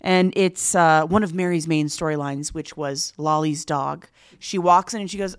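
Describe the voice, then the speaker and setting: A young woman co-hosting a podcast, chatting casually and retelling TV scenes with quick asides. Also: sits low, fairly even intonation, clear, resonant tone, no room sound, clean studio sound. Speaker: podcast co-host. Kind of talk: casual gossip chat.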